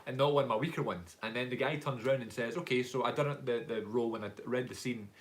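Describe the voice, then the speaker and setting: A man's voice: medium pitch, quick pace, a little hiss or hum. A young man with a Glaswegian accent, chatting casually on a live stream Q&A as a YouTuber and actor, rambling through stories and laughing often. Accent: Glaswegian Scottish. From Scotland.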